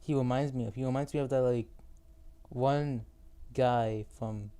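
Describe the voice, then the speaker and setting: A man's voice: mid-range voice, fairly even intonation, a little slow, warm tone, clean tone. A teenage male podcast host in casual chat, rambling and teasing, often losing his thread mid-sentence.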